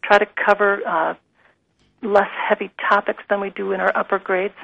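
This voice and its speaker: A woman guest speaking gently and earnestly in an interview, with frequent pauses on "uh.". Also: mid-range voice, level tone, gravelly, no room sound, muffled recording. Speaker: guest, curriculum company president. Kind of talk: conversational interview with read-aloud passages.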